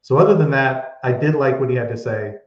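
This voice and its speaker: A man's voice: mid-range voice, a little fast. A man co-hosting a casual wrestling podcast, giving firm opinions while thinking aloud and hedging. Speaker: podcast co-host. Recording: echoey room, dull lo-fi sound.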